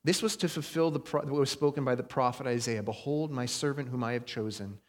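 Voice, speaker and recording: A man preaches in a conversational tone, pausing to stress key phrases. His voice sits at an ordinary middle pitch. The sound carries a long reverb from the hall. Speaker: pastor. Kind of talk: sermon.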